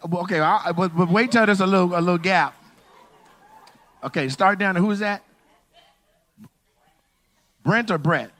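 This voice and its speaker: A man's voice: high-pitched, moderate pace, pauses often, fairly bright tone. A man doing stand-up crowd work in a comedy club, teasing the audience in a loose, profane way.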